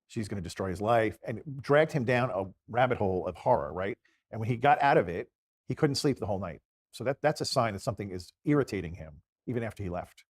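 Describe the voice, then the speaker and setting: A man in casual conversation, retelling a story in a rambling, animated way. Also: on the low side, dry recording, clean studio sound.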